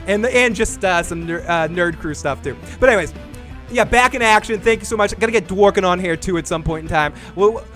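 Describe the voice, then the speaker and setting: A man co-hosting a chatty podcast, his voice sitting a bit high. He rambles and restarts his sentences, then ends on energetic sign-offs. Faint music plays behind him. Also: a little fast. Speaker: podcast co-host. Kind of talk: casual chat.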